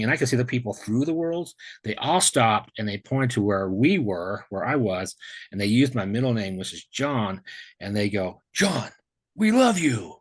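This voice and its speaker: A man sharing a near-death experience in casual storytelling on a video call, excited and rambling, full of restarts and slang. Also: on the low side, husky.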